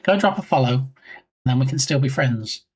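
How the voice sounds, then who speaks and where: A man's voice: mid-range voice, lively intonation, fairly quick, darkish tone, husky. A man streaming live and chatting casually with his viewers in a playful, teasing way. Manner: playful, jokey, teasing chat.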